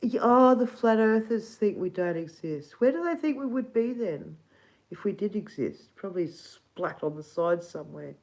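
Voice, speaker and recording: A woman's voice: mid-range voice, expressive, moderate pace, a little mellow, poor audio. A middle-aged Australian woman hosting a casual livestream, rambling and giggly, swearing casually. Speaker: livestream host.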